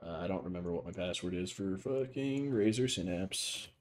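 Profane low-voiced podcast host. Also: male voice, normal speed. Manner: profane, animated storyteller. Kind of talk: casual gaming chat.

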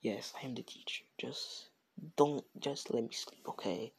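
A man voicing a sleepy, blunt female teacher in a spoken fan story, low-key and drowsy. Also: measured pace, in a whisper, natural voice.

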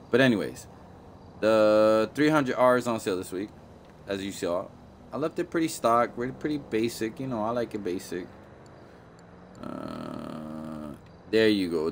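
A man's voice: fairly low pitch, a little hiss or hum. A man doing casual live-stream commentary on a video game, playful and slangy, often repeating himself and apologizing. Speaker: gaming streamer.

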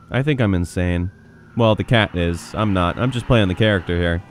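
A man doing playful role-play gaming commentary on a headset mic, excitable and profane, bursting into shouts. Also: fairly low pitch, normal speed, a little hiss or hum. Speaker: gameplay commentator.

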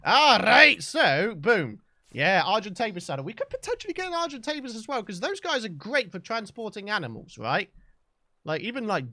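A young British man commentating his own gameplay with a bright, edgy tone. His fairly high voice swoops wildly up and down as he chatters and bursts out in excitement, like a let's play host talking straight to his viewers. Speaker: gaming channel host.

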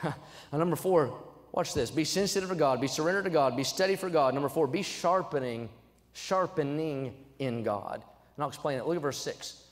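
Young male preacher, fairly high voice, emphatic sermon delivery, reverberant sanctuary. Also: lively intonation, brisk. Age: young adult. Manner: emphatic, swings from low asides to loud exhortation. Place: church sanctuary. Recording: church sanctuary with long reverb.

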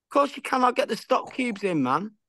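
A man's voice: very high voice, very animated, fairly quick, pushed and bright, dry recording, studio quality. A man chatting enthusiastically as a radio guest, joking along. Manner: enthusiastic, jokey banter. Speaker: interview guest. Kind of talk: casual chat.

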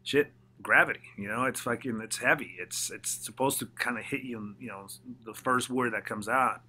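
A man in a casual interview, a mix engineer telling stories with lively energy. He swears freely and slips into quoted voices. His tone is bright and forward, at an ordinary pitch. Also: normal speed, hardly any pauses.

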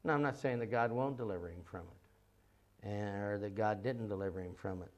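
A man with a lowish voice gives a seminar talk in an earnest, emphatic manner. He hammers key phrases again and again and rattles off strings of rhetorical questions. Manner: rhetorical questions in quick runs. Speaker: seminar teacher for a ministry.

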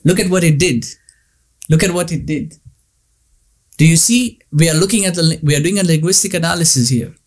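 A man's voice: a little high, brisk, pauses often. A man giving a religious lecture, emphatic, repeating points and asking rhetorical questions.

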